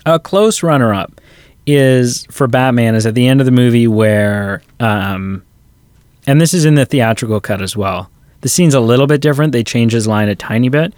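Guy on a movie podcast, mid pitch, acts out lines from films, dry close mic. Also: moderate pace, clean tone, no echo. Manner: animated retelling, quotes film lines. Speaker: podcast co-host. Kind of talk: casual movie review chat.

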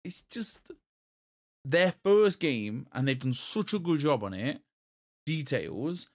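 Rambling young man, animated. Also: fairly high pitch, takes it slowly. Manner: rambling, restarts a lot, laughs at own jokes. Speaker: podcast co-host. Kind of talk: casual chat about video games.

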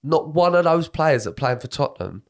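A man, co-hosting a casual podcast chat, sweary and animated as he tells stories. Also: on the high side, moderate pace. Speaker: podcast co-host.

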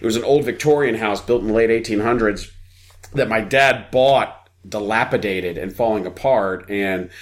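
A man's voice: fairly low pitch, moderate pace. A man from New Jersey co-hosting a podcast, telling a crude, joking story in casual chat and acting out the voices of the people in it. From New Jersey, USA. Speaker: podcast co-host.

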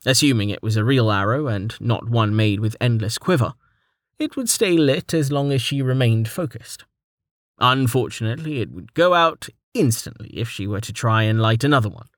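Steady male audiobook narrator, dry sound. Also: mid-range voice, moderate pace, no room sound. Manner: steady, even reading, stat lists read out plainly. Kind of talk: scripted fantasy narration.

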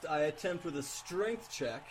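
A man playing a tabletop game, describing his moves in a playful, halting way. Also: fairly high pitch, expressive, very noisy. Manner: hesitant, playful. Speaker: player.

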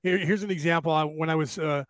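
A man's voice: on the high side, fast, dry recording. A man hosting a podcast, telling stories in casual conversation and acting out the voices of people he quotes. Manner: animated, acts out quoted voices loudly. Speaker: podcast host.

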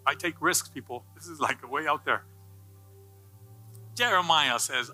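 A male pastor preaching a sermon, joking with the congregation and building to loud, passionate calls. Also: mid-range voice, normal speed, long pauses, soft background music, rough recording.

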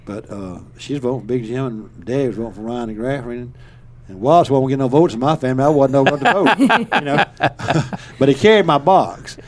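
A man's voice: medium pitch, a little fast, few pauses, a little hiss or hum. An older man from Alabama with a Southern accent, telling a story in a folksy, rambling way and chuckling as he goes. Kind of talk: casual storytelling.

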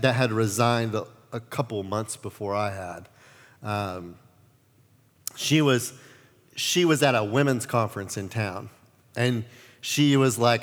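A male pastor preaching a sermon, telling stories with lively acted-out quotes. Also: medium pitch, in a large hall. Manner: animated storytelling, acts out quotes.

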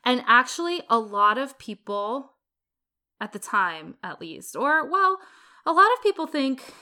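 A woman's voice: high voice, big pitch swings, a little slow, bright, forceful tone, smooth. A woman co-hosting a podcast, recounting history in a chatty storytelling way with playful asides. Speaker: podcast co-host. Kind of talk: casual history chat.

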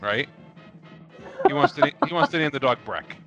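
A man's voice: medium pitch, lively intonation, a bit bright, lo-fi sound, soft background music. A man chatting casually with friends, playful and teasing as he tells a story. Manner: playful, teasing, quick to laugh along. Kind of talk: casual chat.

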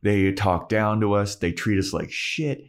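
A man's voice: lowish voice, fairly even intonation, unhurried. A man voicing a smug male bar boss who talks in a dismissive, nonchalant way. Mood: scornful.

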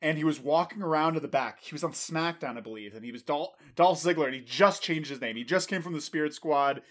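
A man's voice: a little high, fast, fairly bright tone. A man co-hosting a podcast, chatting casually and teasing his partner. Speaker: podcast co-host. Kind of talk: casual chat.

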